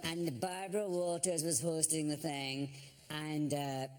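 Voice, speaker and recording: A woman's voice: low-pitched, fairly even intonation, a little slow, darkish tone. A woman, a talk show guest, telling an anecdote in a chatty, self-mocking way with lots of fillers and restarts. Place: television studio with live audience. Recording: studio audience laughter.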